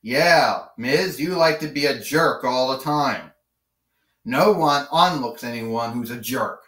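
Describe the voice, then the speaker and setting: A man's voice: medium pitch, takes it slowly, fairly bright tone, recorded from a distance. A man voicing a bossy female wrestling villain who taunts her opponent, recorded in a roomy space away from the mic. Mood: scolding. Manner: taunting, commanding.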